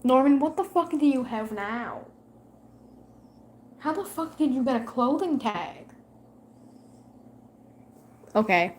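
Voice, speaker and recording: Casual woman vlogger, talks to camera at home, swears and teases her cat, a touch high. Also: expressive, takes it slowly, pauses often, breathy edge. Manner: profane, teasing talk to her cat.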